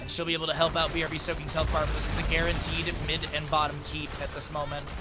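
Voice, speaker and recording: High-pitched guy casting esports live, calling fights, music going underneath. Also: monotone. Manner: rapid play-by-play calls with chatty asides to chat. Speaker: esports caster. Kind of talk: live esports play-by-play commentary.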